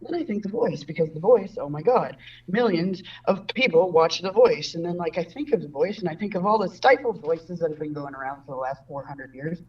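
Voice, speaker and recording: A woman's voice: on the low side, brisk, breathy edge, far from the mic, lo-fi sound. A woman doing a stand-up comedy set from home over a video call, in a rambling, self-interrupting way. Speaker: stand-up comic. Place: home room.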